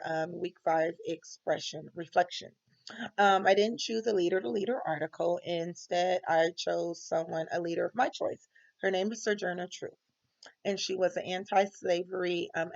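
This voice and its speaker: Woman student doing a recorded reflection, lots of ums, gravelly, muffled lo-fi audio. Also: lowish voice. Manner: hesitant, many ums.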